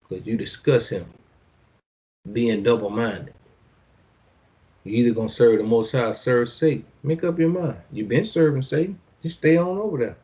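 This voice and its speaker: A man preaching a sermon, reading verses slowly and solemnly, then commenting in loose, slangy everyday speech and repeating phrases for emphasis. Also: medium pitch, dark tone.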